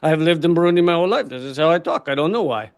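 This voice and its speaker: A man's voice: a little high, racing, clear, resonant tone, pitched below the performer's own voice, natural voice. A man voicing a poor villager who owns three things, in a vague made-up accent. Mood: puzzled.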